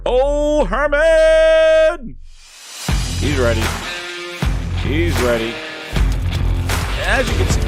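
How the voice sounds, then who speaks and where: A man hosting a casual gaming live stream, boisterous and swearing, reading out shout-outs to chat. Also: fairly high pitch. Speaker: livestream gaming show host.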